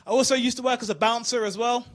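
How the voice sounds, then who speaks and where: A man from the UK doing an animated stand-up routine, asking the crowd questions. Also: very high-pitched, fast talker. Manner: animated storytelling, asks the crowd. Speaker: stand-up comedian.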